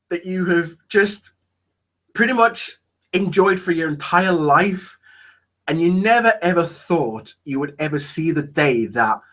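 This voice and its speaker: A young man reacting to a trailer, gushing and close to tears, breaking off into exclamations and halting restarts. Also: fairly high pitch, fairly bright tone. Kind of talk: emotional reaction video.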